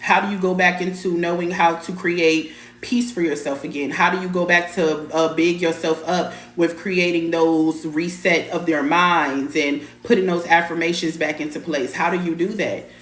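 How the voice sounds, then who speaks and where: A woman's voice: on the low side, steady tone, moderate pace, echoey room. A woman hosting a live spiritual stream, talking casually and bluntly, repeating her points, swearing mildly and greeting viewers by name. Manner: blunt, emphatic, repeats phrases, mild swearing.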